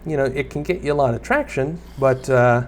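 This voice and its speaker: A young male gaming YouTuber gives casual Let's Play commentary, rambling and self-deprecating as he talks to viewers and the creatures on screen. His voice is medium-pitched and a little fast, with slight background noise.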